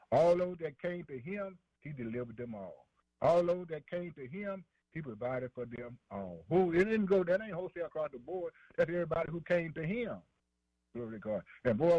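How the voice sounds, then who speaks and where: A medium-pitched preacher, with no room sound, gives a rhythmic, repetitive sermon. He calls out "man" and "boy" between lines in a preachy call-and-response manner, and the audio is a dry, dull lo-fi radio broadcast.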